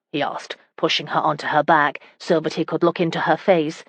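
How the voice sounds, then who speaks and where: Low-voiced woman audiobook narrator. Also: moderate pace, hardly any pauses, no echo, lo-fi sound.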